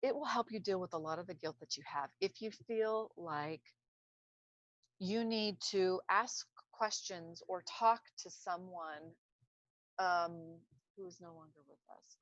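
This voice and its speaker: A woman's voice: lowish voice, a little slow, a bit bright, no room sound. A woman speaking unscripted about healing, rambling and searching for words as she goes. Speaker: speaker on trauma recovery. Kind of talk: casual unscripted talk to camera. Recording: dull lo-fi self-recording.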